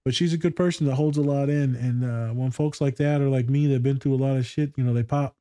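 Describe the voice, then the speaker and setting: With a warm, steady mid-range voice and a quick pace, this therapist gives a casual reaction to a TV scene. He's blunt and profane, leaning on storytelling, and the recording is dry and studio quality.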